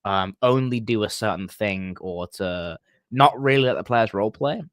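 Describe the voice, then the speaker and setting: A man's voice: on the low side, moderate pace, no echo. A man talking casually about running tabletop games, hesitant and full of ums and restarts. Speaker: game master and stream co-host. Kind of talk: casual podcast chat.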